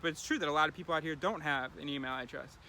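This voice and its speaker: Male vlogger, casual musing delivery, bright tone, light street noise. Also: on the high side, rapid-fire, creaky. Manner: rambling, thinking aloud with many fillers. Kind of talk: casual daily video diary.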